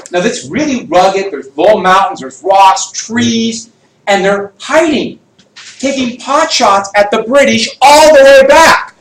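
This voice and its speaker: A man teaching a history lesson to a class, lively and jokey, quizzing his students as he goes. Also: very high voice, slow pace. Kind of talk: classroom lecture with student questions. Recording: echoey classroom, voice from far off.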